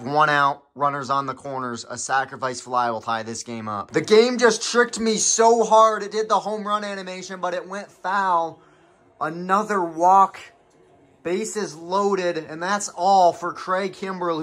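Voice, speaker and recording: A man vlogging from home, calling his baseball video game like a play-by-play announcer and getting excitable at the big moments. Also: high voice. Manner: excitable, shouts and laughs at big plays. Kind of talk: play-by-play style game commentary.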